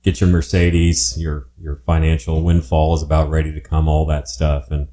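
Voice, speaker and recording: A man's voice: extremely low pitch, monotone, normal speed, dark tone. A man co-hosting a podcast in a jokey, casual way. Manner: jokey, laughs a lot. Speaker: podcast co-host. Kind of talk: casual chat.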